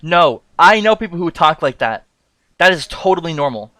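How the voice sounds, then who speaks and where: A man from Newfoundland with a mild Newfoundland accent, chatting casually as a streamer, amused and quick to explain. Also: on the high side, sing-song, pushed and bright, dry recording. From Newfoundland, Canada. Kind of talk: casual chat.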